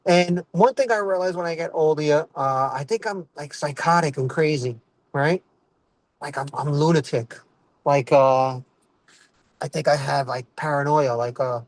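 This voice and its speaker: A slightly high, slightly slow male voice with no room sound belongs to an Italian-American comedian doing a loose stand-up set as he drives. Recorded in his car, he drifts from topic to topic and asks himself "what else is going on."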